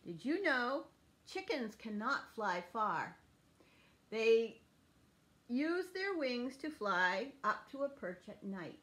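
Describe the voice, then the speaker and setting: A woman preschool teacher reading a picture book aloud to children in a clear, sing-song teaching voice. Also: a little high, very animated, slow pace, a bit bright.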